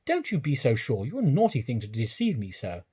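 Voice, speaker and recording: A man reading aloud and voicing a sweet, anxious young woman who pleads and teases softly. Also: wildly swooping pitch, a little fast, husky, exaggerated voice. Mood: teasing. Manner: soft, pleading and raised in pitch.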